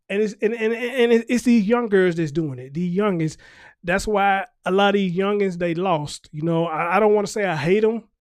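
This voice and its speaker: A man with a high voice hosts a casual commentary show. He rants in an emphatic, preachy way and keeps checking that his listeners agree. The sound is dry and close. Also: dry recording.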